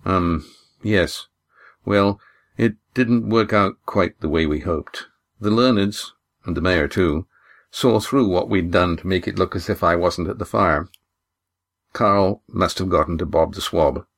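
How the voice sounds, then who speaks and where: A man reading an audiobook, voicing a weary, guarded young man who answers in low, clipped sentences. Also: unhurried, gravelly, a bit bright, heavily acted. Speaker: audiobook reader voicing a character.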